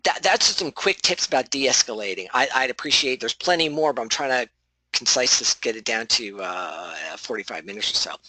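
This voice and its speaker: A man giving a casual spoken training on defusing hostile behavior, conversational and self-correcting with animated asides. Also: medium pitch, a little fast, dry recording, rough recording. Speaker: de-escalation trainer.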